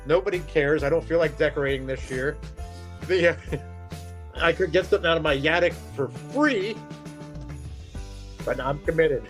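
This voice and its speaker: A man's voice: on the high side, normal speed, long pauses. A man, a show regular, telling a long self-deprecating story in casual chat, rambling and chuckling. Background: faint music.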